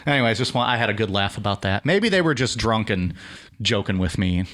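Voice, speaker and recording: A man hosting a podcast in casual chat, joking in a deadpan, rambling way. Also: fairly low pitch, brisk. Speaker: podcast host.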